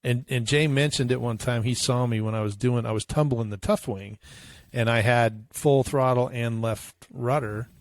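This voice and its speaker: A man co-hosting a relaxed hobby podcast. He thinks aloud, hedging and restarting as he makes his point. His tone stays easygoing and conversational. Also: medium pitch, moderate pace, dry recording. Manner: hesitant, thinks aloud with fillers. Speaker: podcast co-host. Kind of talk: casual chat.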